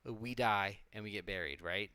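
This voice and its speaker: On a live witchcraft stream, a co-host with a lowish, bright, forceful voice talks at a moderate pace. The sound is smooth and echo-free. His rambling is loose and reflective, and he swears freely while restarting sentences often.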